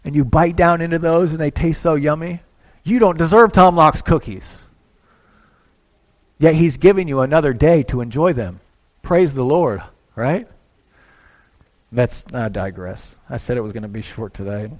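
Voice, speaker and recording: Guy preaching in church, chatty, slightly high voice, goes quiet then loud acting out little asides. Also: lively intonation, normal speed, pauses often. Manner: conversational preaching with acted-out asides, swinging between quiet and loud. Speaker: pastor. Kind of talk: sermon.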